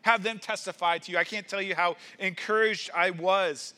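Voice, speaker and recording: A pastor preaches with earnest conviction, his voice pitched high for a man. His tone is bright and forward, and he often doubles words as he drives a point home. The delivery is a sermon through and through. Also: fairly even intonation, moderate pace. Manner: earnest preaching with rising emphasis and repeated words.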